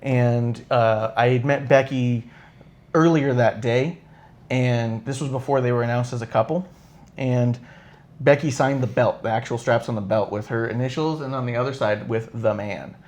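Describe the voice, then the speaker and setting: A man hosting a live podcast rambles through an anecdote, swearing freely and acting out quoted dialogue in shifting voices. His medium-pitched voice is darkish, with fairly even intonation at a normal speed.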